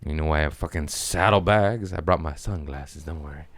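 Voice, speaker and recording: A man's voice: a bass voice, a little fast, no echo, studio quality. A man hosting a podcast, telling comic stories casually with lots of swearing and put-on voices. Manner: rambling, profane, animated impressions. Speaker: podcast host. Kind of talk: casual comedic storytelling.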